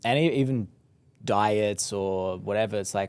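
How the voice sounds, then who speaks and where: A man hosting an interview, mostly listening and asking halting follow-up questions. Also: lowish voice, a little mellow, clean tone, no room sound. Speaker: podcast host.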